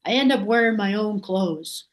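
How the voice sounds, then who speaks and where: A woman's voice: medium pitch, moderate pace. A woman from Massachusetts, a podcast guest, telling a story in a loose, rambling way, full of fillers and restarts, and acting out what others said. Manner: acts out quoted voices animatedly. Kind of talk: casual storytelling.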